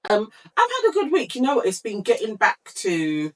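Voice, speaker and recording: Lively woman co-hosting a podcast. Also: fairly high pitch, moderate pace, far from the mic. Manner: lively, laughing, playful. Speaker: podcast co-host. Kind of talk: casual chat.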